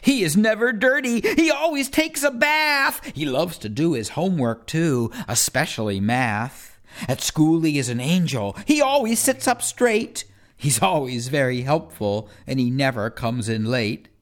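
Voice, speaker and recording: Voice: mid-range voice, animated, unhurried. A reader performing rhyming children's poems in a first-person kid's voice, with a playful sing-song delivery.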